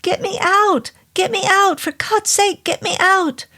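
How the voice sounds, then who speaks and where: A woman's voice: very high voice, a little slow, pushed and bright, voice pushed up, full character voice. A woman voicing a panicked man trapped in a chimney, screaming frantically to be pulled out. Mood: terrified.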